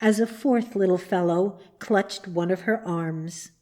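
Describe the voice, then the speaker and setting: A woman reading a children's story aloud in measured, gentle narration. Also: lowish voice. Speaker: reader. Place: church.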